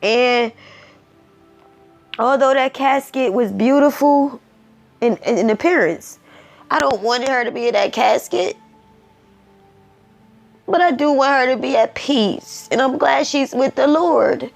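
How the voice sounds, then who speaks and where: Emotional, preachy woman with a slow, high voice. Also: vocal fry, faint music behind. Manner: emotional, preachy, repeats herself. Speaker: commentary vlogger. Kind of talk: emotional personal commentary.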